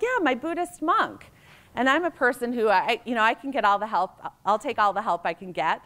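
Speaking at medium pitch with a slightly bright tone, a middle-aged American woman gives a keynote at a conference. Her talk is anecdotal and chatty, full of personal stories in which she performs the quoted voices.

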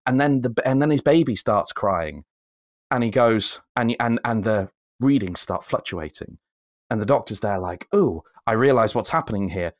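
A man co-hosting a podcast, ranting in casual chat and climbing high when he gets worked up. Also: a little fast, no echo, studio quality. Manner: animated ranting, rising high when excited. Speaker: podcast co-host.

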